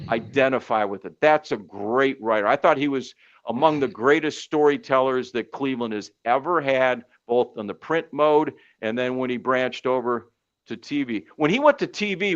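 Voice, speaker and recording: A middle-aged sportscaster spins long, animated stories, leaning on fillers like "you know" and "uh." He has a mid-pitched male voice. The audio sounds dull and lo-fi, like podcast audio. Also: normal speed. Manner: animated storyteller with many fillers. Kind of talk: casual storytelling chat.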